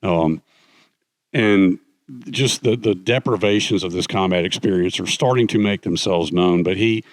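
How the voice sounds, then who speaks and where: Low-voiced older man telling stories. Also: unhurried, no echo. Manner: rambling storyteller with many fillers. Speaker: guest author. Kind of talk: fireside chat on stage. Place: conference stage.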